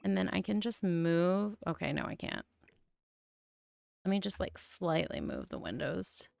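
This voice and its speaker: Young adult woman streamer, low gravelly voice, mild lisp, chatty and thinking aloud. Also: sing-song, a little slow, darkish tone, no echo, clean studio sound. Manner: chatty, musing aloud with frequent oohs. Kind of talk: casual game-building commentary.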